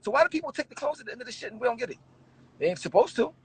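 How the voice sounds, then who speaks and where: Rapid-fire and very high-voiced, a male rapper swears and laughs his way through stories in an informal interview, animated all the while. There's no echo, but the sound quality is poor.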